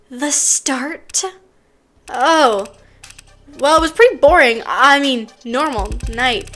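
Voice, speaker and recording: A woman's voice: on the high side, sharp tone. A woman doing a drawling young cop. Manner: slow storytelling testimony, hesitant. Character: young male police officer with a southern drawl, plain and dull.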